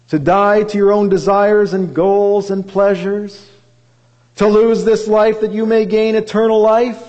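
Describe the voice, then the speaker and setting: A man's voice: high-pitched, darkish tone. A man preaching a revival sermon, earnest and building to impassioned appeals. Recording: reverberant hall.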